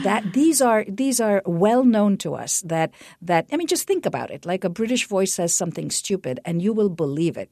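A middle-aged woman explaining research findings in a radio interview, animated and given to restarts. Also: mid-range voice, no room sound, studio quality. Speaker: guest researcher.

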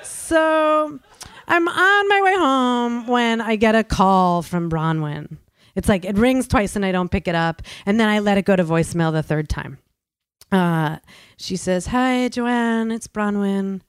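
A woman from New York recounts her own story in a loose, chatty way, with lots of "like" and "um". Her voice is smooth and clear, recorded close and dry with no room sound. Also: medium pitch, dry recording. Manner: chatty, full of "like" and "um", quick to laugh at herself. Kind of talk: first-person storytelling.

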